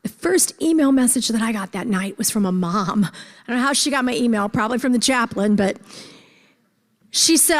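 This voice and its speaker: A woman's voice: on the high side, animated, moderate pace. A woman giving an earnest personal talk at a conference, repeating phrases for emphasis. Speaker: conference speaker. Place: large conference hall. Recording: echoey hall.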